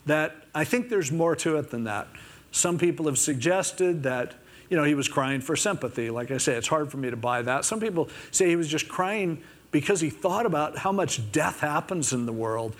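Man preaching a casual sermon. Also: a little high. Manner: casual, acts out quotes in little voices. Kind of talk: conversational sermon.

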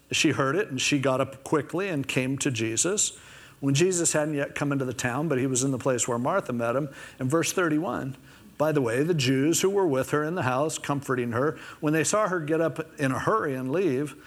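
A man preaching a conversational sermon, retelling scripture casually and acting out the quoted lines in little voices. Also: mid-range voice.

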